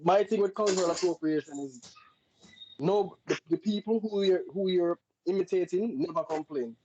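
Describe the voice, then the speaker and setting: A man's voice: high-pitched, normal speed, mellow, slight background noise. A man in a casual group chat, arguing his point and explaining at length. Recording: dull lo-fi audio.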